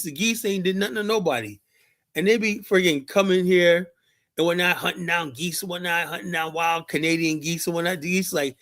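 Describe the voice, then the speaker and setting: A man on a home live stream tells rambling stories to his chat. His voice sits a bit high for a man, and he leans on fillers as he talks. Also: fairly bright tone. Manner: rambling, storytelling, lots of fillers like "and whatnot". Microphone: streaming mic.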